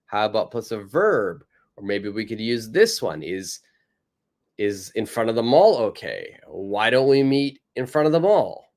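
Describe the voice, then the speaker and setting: A North American man teaching English online at an unhurried pace. His voice rises and falls a lot as he models phrases. He sounds patient and encouraging, repeating each line for practice. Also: on the low side, sing-song, darkish tone. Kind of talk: live online English lesson.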